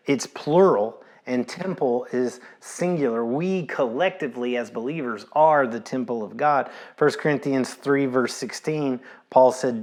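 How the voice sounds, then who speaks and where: A man preaching a sermon from the pulpit. He speaks at a middle pitch and tells stories in a conversational way, repeating his key phrases and dropping in casual asides. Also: a little mellow. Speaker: pastor.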